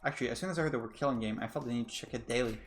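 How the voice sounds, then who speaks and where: A timid young man who checks every list, voiced by a man reading game dialogue. He speaks in a middle-pitched voice, tripping over his words now and then. There is faint music underneath. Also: very fast, lightly acted. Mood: earnest. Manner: hesitant, stammering.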